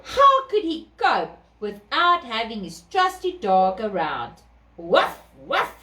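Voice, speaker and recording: Woman as a boastful farm dog, barking woofs, slow, echoey room. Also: fairly high pitch, huge pitch swings, sharp tone, heavily acted. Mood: proud. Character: loyal self-satisfied male farm guard dog. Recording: echoey room, distant mic.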